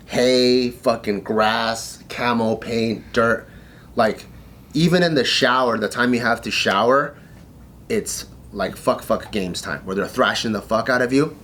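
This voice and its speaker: A man's voice: mid-range voice, fairly bright tone, slight background noise. Profane laughing man telling a story. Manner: profane, laughing storyteller acting out drill instructors. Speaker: podcast co-host telling a story. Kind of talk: casual chat.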